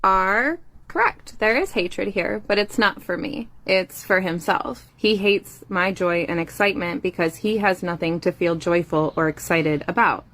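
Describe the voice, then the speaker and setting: A woman answering comments in a talking-head video, calm and self-assured. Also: lowish voice, unhurried, few pauses. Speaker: social media poster.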